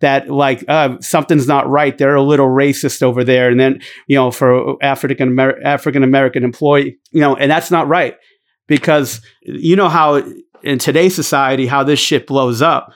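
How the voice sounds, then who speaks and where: A man's voice: medium pitch, fairly even intonation, moderate pace. A middle-aged man, a former basketball coach hosting a show, ranting bluntly with heavy swearing and lots of fillers and restarts. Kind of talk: profane casual rant.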